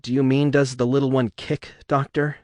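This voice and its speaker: A man's voice: medium pitch, little pitch movement, moderate pace, a little mellow, no echo, voice pushed up, natural voice. A man voicing a nervous young pregnant woman who questions her doctors anxiously. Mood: annoyed.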